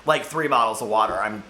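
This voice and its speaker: A book vlogger with a bright, forceful, mid-range voice chats casually about the books he read this week, rambling and giggling. He's overheated in a hot room, and the sound echoes.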